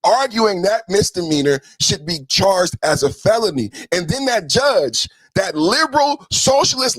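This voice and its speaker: A man with a high voice delivers a heated political commentary rant as a podcast host. He is profane and mocking, and he often flares up into shouting. The sound is dry and close, with no room echo.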